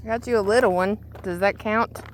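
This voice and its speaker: A woman's voice: mid-range voice, fairly even intonation, brisk, a little hiss or hum. A woman fishing by a lake, chatting casually and coaxing a heron over like a pet. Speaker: angler and vlog host. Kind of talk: casual chat while fishing. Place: outdoors by a lake.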